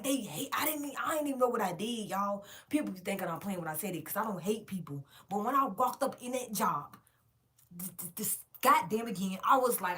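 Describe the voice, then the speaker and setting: Profane woman ranting a story to viewers. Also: a little high. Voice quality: frank, profane, animated storytelling. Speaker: vlogger telling a story.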